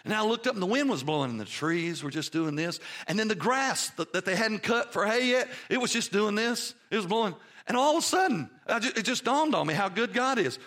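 A man preaching a sermon, telling stories with feeling and swinging from hushed to loud. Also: high voice, animated, brisk, few pauses. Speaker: pastor.

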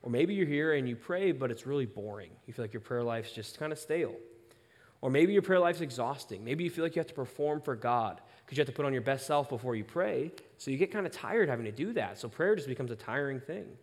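A young male pastor preaching a sermon, telling a personal story with animated, self-aware asides. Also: mid-range voice, fast talker, big-room sound.

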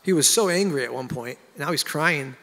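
A man, a pastor, sharing his testimony in an animated, emotional way and getting loud at the high points. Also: moderate pace, big-room sound. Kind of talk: candid conversational testimony.

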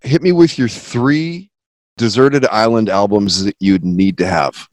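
A man hosting a podcast, reacting briefly and asking relaxed questions. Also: on the low side, a little slow, no room sound. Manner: short eager reactions and questions. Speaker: podcast host. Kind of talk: casual interview chat.

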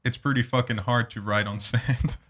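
Man, bright tone, casual podcast host, reads jokes, laughs, swears. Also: medium pitch, steady tone, moderate pace. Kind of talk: casual chat reading jokes.

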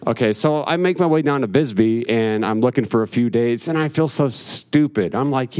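A man's voice: medium pitch, normal speed, hardly any pauses, darkish tone. A man telling a rambling personal story on stage, with profane, wry asides. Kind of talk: live storytelling with jokes.

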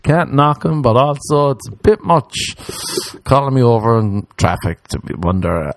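A man's voice: mid-range voice, moderate pace, a little hiss or hum. A man, a podcast host, telling rambling, profane comic stories in a casual monologue. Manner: rambling, profane storytelling that slips into mock voices. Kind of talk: comedic monologue.

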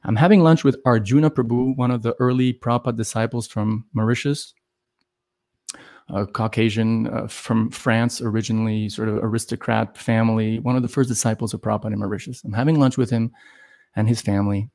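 A man from Los Angeles, a podcast guest telling a personal story in a lively conversational way, full of "like" and "you know" fillers and acted-out quotes. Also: medium pitch, brisk. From Los Angeles, USA. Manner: animated, acts out quoted voices, heavy "like" and "you know" fillers.

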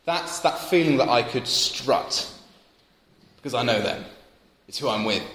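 A man's voice: medium pitch, a little slow. A young man preaching a sermon, telling stories and building to emphatic points. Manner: storytelling, animated, builds to emphatic peaks. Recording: roomy church hall with long reverb.

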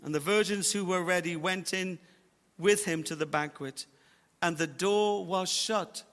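A man preaching a sermon as pastor, emphatic, slowing down to stress his points. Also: high-pitched, fairly bright tone, in a large hall. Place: church auditorium.

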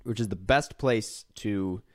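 A man's voice: on the low side, takes it slowly, no room sound, clean studio sound. A man co-hosting a podcast, chatting casually and reading listener questions in an upbeat, easygoing way. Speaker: podcast co-host. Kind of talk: casual chat.

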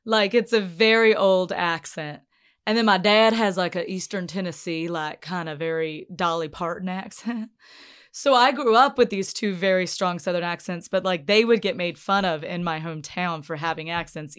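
A woman's voice: fairly low pitch, fairly even intonation, moderate pace, smooth. A young woman from North Carolina with an unplaceable, faintly Mid-Atlantic accent, talking casually and wryly as a podcast host, laughing often. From North Carolina, USA. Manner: chatty, laughs often, wry. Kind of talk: casual interview.

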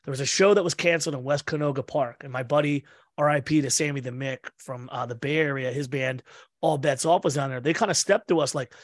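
A man's voice: mid-range voice, fast talker, no room sound, clean studio sound. A man hosting a podcast, telling a story in casual talk, swearing freely and acting out what people said. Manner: animated storyteller, swears a lot, acts out quotes. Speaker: podcast host. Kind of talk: casual conversation.

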